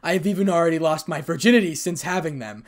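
A man's voice: on the high side, fast talker, natural voice. A man voicing a bitter young man who speaks harshly and with scorn, in a fan fiction reading. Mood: cold, scornful.

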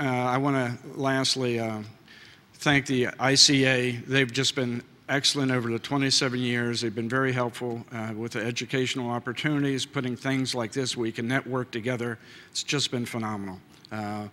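A man's voice: medium pitch, bright, forceful tone. Folksy man giving a heartfelt acceptance speech. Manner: folksy and heartfelt, with many filler uhs. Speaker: award inductee. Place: large banquet hall. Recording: reverberant hall.

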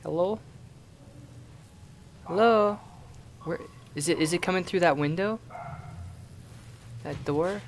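A man's voice: high-pitched, slow, pauses often. Panicky swearing young man with noise behind. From Canada. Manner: panicky, swearing, talking to the game in frantic repeats. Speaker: gaming YouTuber. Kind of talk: horror game let's play commentary.

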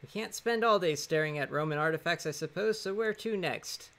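A man's voice: a little high, brisk, a bit bright. A man cracking wry jokes while co-playing a game on a stream. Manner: joking, wry quips with laughs. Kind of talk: casual game stream chat.

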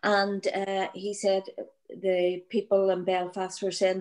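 Woman storyteller, flat even delivery, anecdotal, acts out voices. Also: medium pitch, takes it slowly, rough recording. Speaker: storyteller guest. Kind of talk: oral storytelling.

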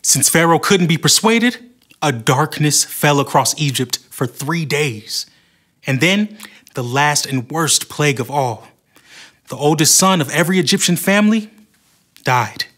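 Storyteller, man, slightly high voice, expressive and warm, for a children's Bible story. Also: a little slow. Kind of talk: scripted Bible story narration.

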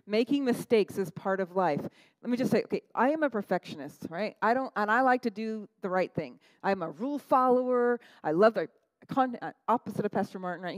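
A middle-aged woman pastor delivering a lively, conversational sermon, often tossing in "right?" to the congregation. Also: medium pitch, no echo, low-quality recording. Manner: animated, conversational, frequent "right?" asides.

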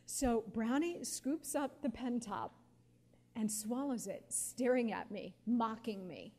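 A woman in her forties, a guest speaker telling stories at a live question-and-answer session, animated and laughing often with lots of casual fillers. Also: on the high side, slow pace. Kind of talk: storytelling at a live Q&A.

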